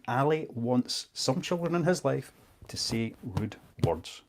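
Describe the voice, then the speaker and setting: A man's voice: medium pitch, animated, unhurried. A man, chatting casually as he auctions books on a live stream, joking at his own expense. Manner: chatty and self-mocking. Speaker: online book seller.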